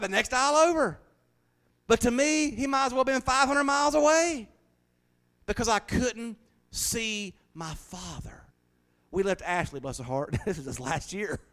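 Folksy preacher man. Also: extremely high pitch. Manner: folksy storytelling, shifting from hushed to shouting. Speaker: pastor. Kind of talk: sermon.

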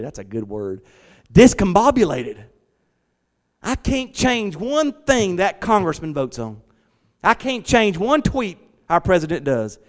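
A middle-aged man, preaching a lively, conversational sermon from a church hall. He repeats his words and talks back to the congregation. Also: high voice, measured pace. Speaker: pastor. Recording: long church hall reverb.

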